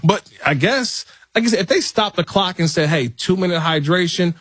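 A man's voice: high voice, expressive, moderate pace, fairly bright tone, breathy edge, no echo. A man filling in as host of a sports talk show, chatting casually and laughing with jokey asides. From Los Angeles area. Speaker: fill-in radio show host.

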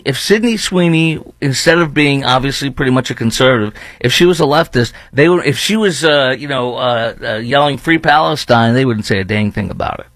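A man hosting his own podcast, giving animated, mocking commentary and laughing between remarks. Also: mid-range voice, brisk, dry recording. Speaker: podcast host. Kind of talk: opinionated commentary.

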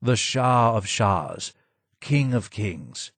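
A man voices a broken, disfigured former advisor, speaking low, hoarse and slow, sounding sadder than angry. There is no echo.

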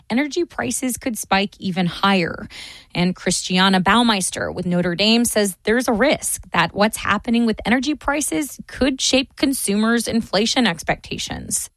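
A woman reporting for radio news, reading a scripted economics story in a measured, clear way. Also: fairly high pitch, no echo. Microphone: studio mic.

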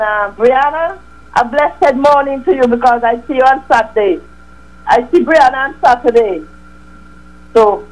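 A woman calls in on a phone line with a low mains hum behind her. She strings out sing-song blessings and reads scripture in a slow, solemn way. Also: darkish tone. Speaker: caller. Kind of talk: phone-in greetings and scripture reading.

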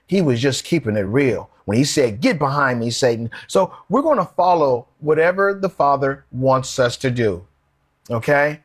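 A man's voice: fairly high pitch, breathy edge. A man preaching a sermon in a conversational, emphatic way, posing questions to his listeners.

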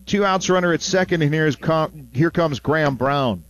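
A man's voice: on the high side, normal speed, dry recording. Chatty baseball play-by-play man. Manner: chatty, relaxed asides between plays. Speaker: play-by-play announcer. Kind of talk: baseball radio commentary.

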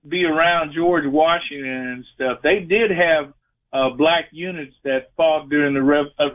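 A man, calling in to a radio show and chatting in a rambling, friendly way. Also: a little high. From Louisiana, USA. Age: 60s. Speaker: caller. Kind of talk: radio call-in chat. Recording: phone line.

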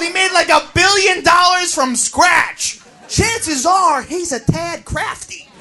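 A man doing a profane stand-up rant, often shouting. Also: very high voice. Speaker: stand-up comedian. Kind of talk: stand-up routine. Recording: live club with crowd noise.

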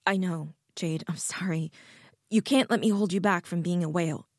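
A woman reading the part of an anxious young woman who apologizes a lot and stumbles over her words. The voice sits a little low, with a gravelly edge at the ends of phrases. It sounds like storybook dialogue read aloud. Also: dry recording, studio quality. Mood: hesitant. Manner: hesitant, halting.

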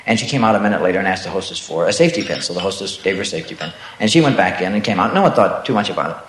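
A man's voice: sits low, lively intonation, rapid-fire. A man telling stand-up stories, chuckling at his own jokes. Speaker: stand-up comedian. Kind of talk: stand-up storytelling. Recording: echoey club with crowd noise.

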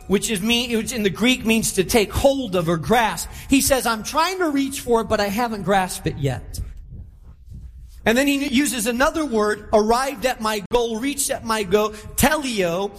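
High-voiced preaching pastor in a hall. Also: male voice, expressive, a little slow, a bit bright, faint music behind. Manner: preaching with rising, emphatic repetition to a congregation. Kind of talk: sermon. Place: large church auditorium.

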